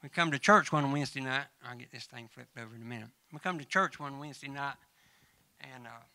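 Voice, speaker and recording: A man's voice: medium pitch, a little fast, pushed and bright, no echo. A man with a Southern American accent preaching a folksy sermon, telling funny stories and addressing church members by name. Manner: humorous storytelling mixed with scripture reading.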